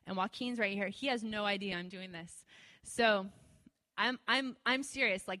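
Animated woman telling a testimony. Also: fairly high pitch, normal speed, long reverb tail. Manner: animated, acts out her own prayers in a raised voice; conversational with many "like" fillers. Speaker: speaker sharing a testimony. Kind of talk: testimony storytelling.

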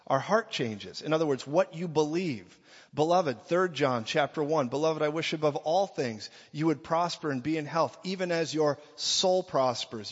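A man preaches with emphatic energy, his voice pitched a little higher than most men's. He slips into mock voices to act out quoted lines. The sound is dull and lo-fi, with a long reverb trailing after his words in a large hall. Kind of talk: sermon.

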